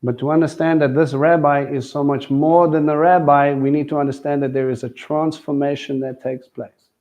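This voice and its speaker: A man's voice: on the high side, level tone, normal speed, a little mellow, lo-fi sound. A man teaching a live sermon in a conversational way, often asking his listeners questions. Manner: conversational preaching with questions to the crowd. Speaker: teacher at a Messianic congregation.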